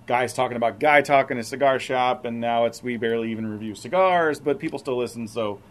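A man hosting a casual podcast, relaxed and rambling. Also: medium pitch, brisk. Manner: relaxed, rambling, laughs often. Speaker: podcast host. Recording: faint background noise.

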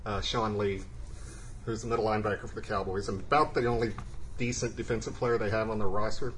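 A man's voice: fairly low pitch, level tone, quick pace, fairly bright tone, slight background noise, rough recording. A man co-hosting a casual podcast, chatting about cigars and sports in an easygoing way, often laughing and trailing off with fillers. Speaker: podcast co-host.

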